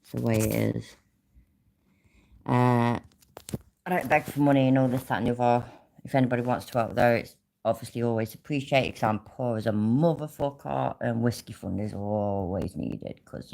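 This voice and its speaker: A woman's voice: very deep voice, normal speed, gravelly, a little mellow. A British woman hosting a livestream, ranting angrily with heavy swearing and answering chat viewers by name. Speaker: livestream host. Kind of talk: casual livestream rant.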